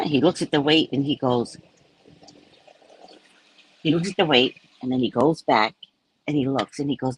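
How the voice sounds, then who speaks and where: Brief: lively storyteller woman, husky, swings her pitch widely, slips into whispery pleading. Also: dry recording. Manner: animated, acts out pleading in a whispery voice. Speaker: host and psychic reader. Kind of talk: casual storytelling to a live audience.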